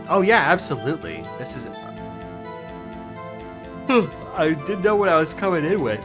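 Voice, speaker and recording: Playful chatty streamer riffing on a game, voice jumping all over, loud game music behind. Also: medium pitch, very animated, unhurried, long pauses. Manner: chatty, playful, crude jokes. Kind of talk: casual gameplay commentary.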